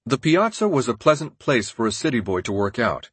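A male narrator reads a nonfiction audiobook with a steady, measured delivery. His husky voice sits at an ordinary middle pitch. The sound is dry and close, with no trace of room echo.

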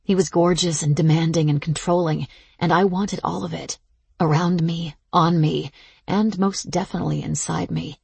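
Low, husky woman narrating an audiobook. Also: fairly even intonation, moderate pace, a little mellow, no room sound. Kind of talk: first-person audiobook narration.

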